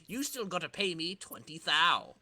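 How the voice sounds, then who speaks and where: A man's voice: on the high side, very animated, normal speed, pushed and bright, full character voice. A man voicing a cocky young male street villain who taunts in jive slang, in a comedic dramatic reading of a comic. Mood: taunting.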